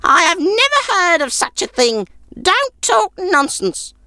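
A cranky old cottage woman in a storybook, her voice pitched way up high and shrill, snorting and grudging every word she gives. she comes across dry and close to the mic. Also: big pitch swings, unhurried, sharp tone, dry recording, heavily acted. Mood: sour grudging. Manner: snorting, ungracious.

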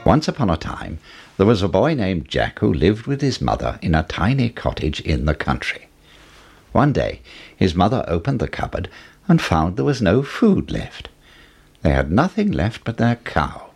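A man reading a fairy tale aloud in an expressive storytelling manner. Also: sits low, moderate pace, creaky, slightly rough.

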